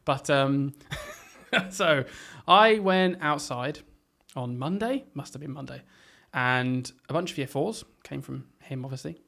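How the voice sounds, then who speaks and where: A man's voice: medium pitch, expressive, takes it slowly, creaky, a bit bright. A young man and primary teacher co-hosting a casual chat podcast, laughing often and acting out the quotes in his stories. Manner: laughing storyteller who acts out quotes.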